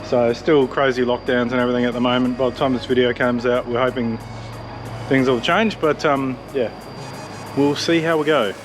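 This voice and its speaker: A man's voice: medium pitch, normal speed. An Australian man talks his viewers through a car project in an easygoing, meandering way, full of little fillers. He is filmed on an action camera in a workshop, with faint music in the background. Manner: relaxed, rambling, filler-heavy. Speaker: car-build vlogger. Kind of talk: casual vlog update.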